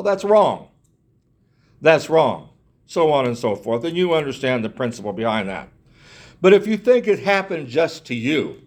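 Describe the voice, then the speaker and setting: A man preaching a sermon in an earnest way, repeating himself, restarting phrases and asking his listeners rhetorical questions. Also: a little high.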